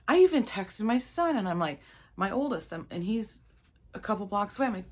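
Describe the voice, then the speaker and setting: A middle-aged woman vlogger chatting casually through a storytime, animated and acting out her own reactions. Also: mid-range voice, a little fast, breathy edge.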